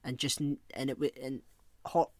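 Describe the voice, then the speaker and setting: A man co-hosting a podcast, chatting casually and rambling, often pausing to hunt for the right word. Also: mid-range voice, little pitch movement, no room sound. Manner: rambling, searches for words with many fillers. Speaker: podcast co-host. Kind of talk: casual chat.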